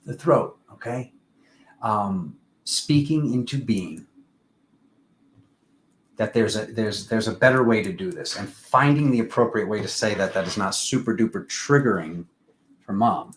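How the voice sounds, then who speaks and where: A man with a fairly low voice hosts a casual live-stream tarot reading. He talks in an unhurried, rambling way, full of ums and spiritual phrasing. A faint hiss of noise sits under the recording. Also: rough recording. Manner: unhurried, rambling spiritual talk with many fillers.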